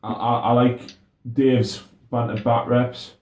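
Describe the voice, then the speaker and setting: A man's voice: medium pitch, level tone, slow pace, a little mellow, reverberant. A young man chatting casually as co-host, often stammering and restarting his sentences. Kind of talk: casual chat.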